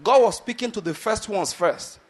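High-voiced man preaching a sermon. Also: lively intonation, normal speed. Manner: keeps asking listeners if they get his point, acts out voices from the story.

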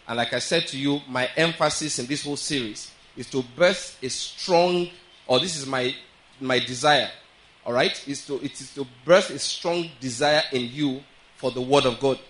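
A man preaching a sermon as pastor. He reads scripture aloud slowly and keeps checking in with his listeners. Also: medium pitch, a bit bright, low-quality recording.

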